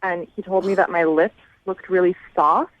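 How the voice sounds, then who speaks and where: A woman's voice: lowish voice, fairly even intonation, normal speed. A young woman calling in to a radio show, chatty and filling her talk with "like". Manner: chatty, heavy use of "like". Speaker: caller. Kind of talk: phone call on a radio show. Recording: muffled phone line.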